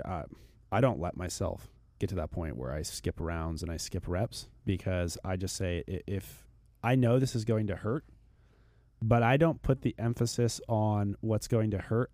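A man's voice: low voice, normal speed, dark tone, no room sound. A man speaking as a fitness expert on a podcast, earnest and motivational, often repeating words as he starts a thought. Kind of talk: podcast chat.

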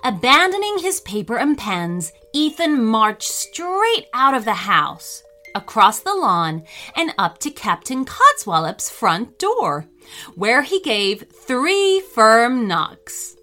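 With a clear, bright voice sitting a little high, a woman reads a story for children slowly and carefully. Her pitch ranges widely in a gentle, expressive way, and faint soft music sits beneath her.

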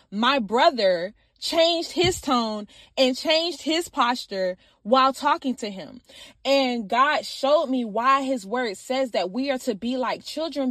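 A woman's voice: on the high side, dry recording. A young woman hosting a faith podcast, preaching informally and addressing listeners directly, with emphatic repeated phrases. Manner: informal, animated, repeats phrases for emphasis and often says "y'all". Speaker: podcast host. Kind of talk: faith-based motivational talk.

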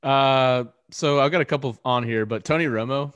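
Young male co-host: even mid-pitched voice, matter-of-fact delivery, dry close mic. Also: normal speed, no echo, highs cut off. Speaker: podcast co-host. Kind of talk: casual chat.

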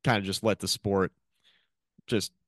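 A man's voice: deep voice, fairly even intonation, unhurried, a bit bright, no room sound, studio quality. A man co-hosting a casual sports podcast in a wry, matter-of-fact way. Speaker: podcast co-host.

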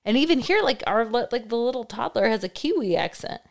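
Woman, podcast co-host, smooth clear voice, easygoing, hesitant, casual chat. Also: a little high, animated, brisk. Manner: easygoing, hesitant, laughs often.

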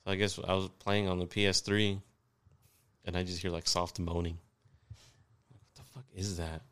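A man's voice: deep voice, flat delivery, moderate pace, a bit bright. A young man in casual podcast chat, laid back and profane, telling stories.

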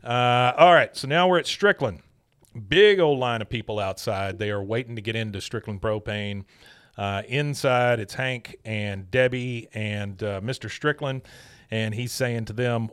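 A man's voice: medium pitch, unhurried, a bit bright, smooth. A man hosting a podcast, recapping a cartoon episode in an easygoing, chatty way. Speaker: podcast host.

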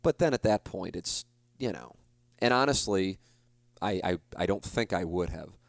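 A man's voice: low-pitched, lively intonation, normal speed, vocal fry, no room sound. A man in his forties, a sports broadcaster, telling a story alone on his podcast in a rambling, confessional way, full of restarts and self-blame. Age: 40s.

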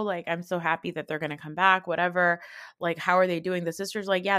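A woman's voice: on the low side, a bit bright, dry recording, clean studio sound. A woman hosting a podcast, recapping reality TV in a chatty, opinionated way, swearing freely and correcting herself often. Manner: frequent fillers and self-corrections. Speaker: podcast host.

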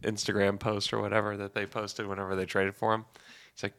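A man who works as a sports reporter, telling a relaxed, rambling story in casual chat. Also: lowish voice, fairly quick.

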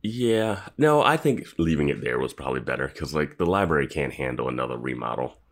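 A man co-hosting a podcast in relaxed chat, chuckling while he nitpicks. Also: very deep voice, fairly quick. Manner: laid-back, chuckles and nitpicks. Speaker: podcast co-host. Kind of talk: casual recap chat.

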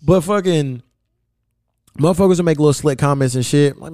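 A man's voice: fairly high pitch, fairly quick, mellow, no room sound, studio quality. A man hosting a podcast in casual chat, telling stories bluntly and cursing constantly. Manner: blunt, profane storytelling. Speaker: podcast host.

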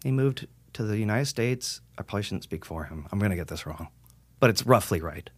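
Here a metal singer on a podcast speaks with a lowish, slightly rough voice, fairly quick and with lively intonation. His casual talk rambles, he swears freely, and he acts out people's remarks. There's no echo.

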